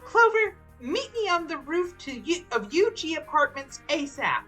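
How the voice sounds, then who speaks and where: A woman voicing an excitable young game character, high and urgent, reading dialogue on a stream. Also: normal speed, faint music behind, full character voice.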